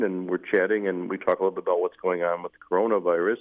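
A man, a newly appointed bishop, recounting his past in an interview in a measured, halting way with many fillers. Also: low voice, flat delivery. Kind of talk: interview conversation, recounting memories. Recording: phone-like narrow band, radio broadcast.

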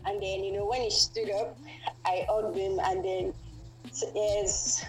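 A woman guest telling a personal story in a casual, animated way. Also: mid-range voice, slow, soft background music, poor audio.

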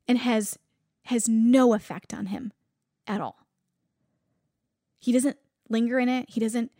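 A woman preacher with a slightly high voice talks through a Bible story in an easy, conversational way. She restarts sentences as she hunts for the right words. The recording is dry and close, with no room sound. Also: no echo. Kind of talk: informal sermon.

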